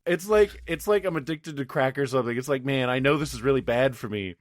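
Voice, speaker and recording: A man's voice: mid-range voice, quick pace, dry recording, clean studio sound. A man co-hosting a casual podcast, telling gaming stories, acting out quotes and laughing often. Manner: laughing storyteller who acts out quotes. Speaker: podcast co-host. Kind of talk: casual chat, storytelling.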